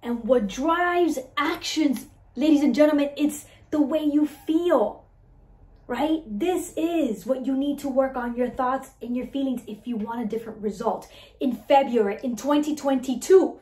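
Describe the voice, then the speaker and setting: A woman coaching her listeners on mindset, talking in an animated way and asking "right?" again and again. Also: high-pitched, measured pace, echoey room. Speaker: mindset and weight-loss coach. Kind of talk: motivational talk to listeners.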